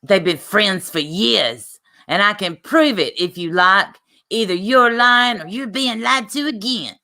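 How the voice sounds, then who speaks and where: A woman's voice: medium pitch, a little slow, bright, forceful tone. A woman voicing a snippy woman commenter in a mock New York drawl with a scolding attitude.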